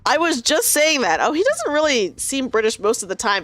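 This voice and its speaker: A woman's voice: medium pitch, sing-song, moderate pace, hardly any pauses, fairly bright tone, dry recording, faint music behind. Chatty young woman streamer. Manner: chatty, giggly, reads game lines aloud. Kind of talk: casual game commentary.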